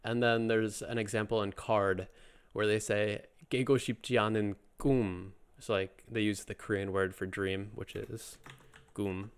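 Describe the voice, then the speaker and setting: A man with a smooth, clear voice teaches a language lesson in a relaxed, chatty way. He jokes along and fills his talk with fillers and little restarts, sitting a bit low in pitch. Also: brisk. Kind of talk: casual spoken lesson.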